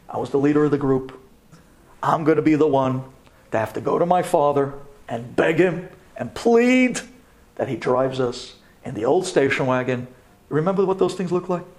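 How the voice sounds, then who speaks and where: Rabbi telling a story to a class, high voice that swings widely, dramatic, drops to hushed tones at tense moments. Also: male voice. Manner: animated, dramatic storytelling with sudden drops to a hush.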